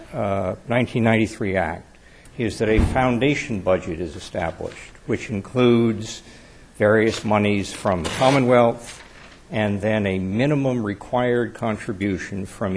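A man speaking as an attorney in court, giving a measured, deferential formal legal argument. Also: fairly low pitch, a little mellow, a little hiss or hum. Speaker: attorney arguing before an appeals court.

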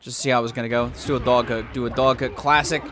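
A young man commentating his own video game play, swearing and shouting at the game in bursts. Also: medium pitch, quick pace. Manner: excitable, profane, yells at the game. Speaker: gaming YouTuber.

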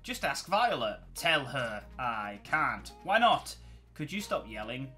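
A man's voice: medium pitch, very animated, a little slow, pushed and bright, soft background music. A man voicing a teenage boy trapped in his twin sister's body, upset and pleading, in a read-aloud cartoon story.

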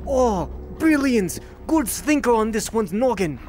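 A man's voice: very high-pitched, big pitch swings, unhurried, slight background noise, voice pushed up, full character voice. A man voicing a boisterous vodka-obsessed Russian soldier with a put-on Russian accent and broken English. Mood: boastful. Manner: broken English, loud and theatrical.

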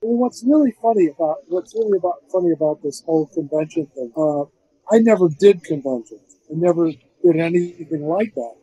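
An older man, a film composer, telling rambling, animated stories in a casual interview, with many restarts and fillers. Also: fairly high pitch, a little fast, slightly rough, dry recording, lo-fi sound.

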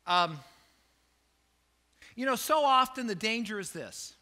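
A male pastor preaches with a high, sharp, tense voice. He tells stories in an animated way and jokes at his own expense as he makes his point. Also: takes it slowly. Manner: storytelling, animated, self-joking. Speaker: lead pastor. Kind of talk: sermon.

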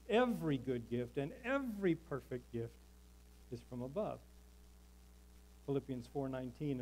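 A man preaching from the pulpit of a church. He is emphatic and rhythmic and leans on repeated lines. He calls out to the congregation for an answer. His voice sits at an ordinary middle pitch for a man. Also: mellow, slight background noise, low-quality recording. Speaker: pastor. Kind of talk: sermon. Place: church sanctuary.

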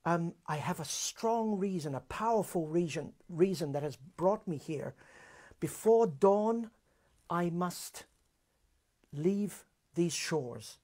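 A man's voice: high voice, expressive, slow pace, a little mellow, heavily acted. A man voicing a proud young nobleman in a story retelling, speaking urgently.

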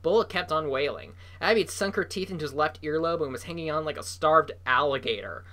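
A reader narrating a children's novel aloud, lively and voicing the characters. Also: mid-range voice, fairly quick.

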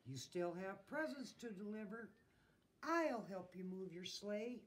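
A big friendly mare from a storybook, read by a woman, calling out and reassuring in a lively, unhurried voice. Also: mid-range voice, close to an everyday voice. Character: large friendly female horse.

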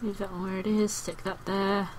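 A woman's voice: medium pitch, little pitch movement, normal speed, a little hiss or hum, rough recording. A woman playing a video game and commentating casually, chatty and playful with frequent exclamations. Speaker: gaming video host.

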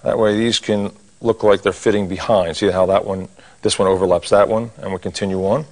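A man's voice: fairly low pitch, steady tone, a little fast. A middle-aged man teaching a cartoon drawing lesson, talking through each step as he draws and cracking corny jokes. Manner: folksy, corny jokes, talks while drawing. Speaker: drawing instructor.

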